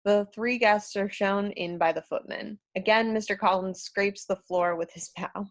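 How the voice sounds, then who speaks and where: Woman, narrator, reading stage directions, hesitant, medium pitch. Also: fairly even intonation, normal speed. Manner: hesitant, with fillers.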